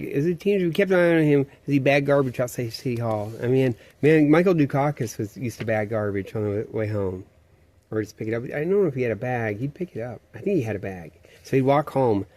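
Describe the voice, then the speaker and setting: A man's voice: medium pitch, a little mellow. A man rambling through a profane, meandering, conspiratorial monologue.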